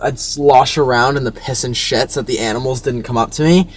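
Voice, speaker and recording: A young man in casual chat, telling a story as an animated, swearing rant. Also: medium pitch, fairly quick. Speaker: co-host.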